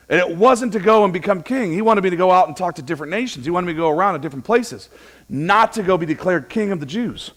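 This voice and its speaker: A man with a fairly high voice delivers a relaxed church sermon. He talks to the congregation like friends and tells stories from home. He acts out both sides of each exchange as he goes. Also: fast. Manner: conversational preaching with humorous anecdotes, acting out dialogue. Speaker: pastor.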